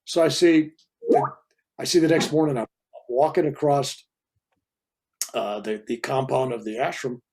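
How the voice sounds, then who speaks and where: An older man in his seventies, a reverend, telling a personal story in a loose, animated way and acting out the people in it. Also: mid-range voice, a little slow, pauses often. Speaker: reverend and guest speaker. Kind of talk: casual storytelling interview.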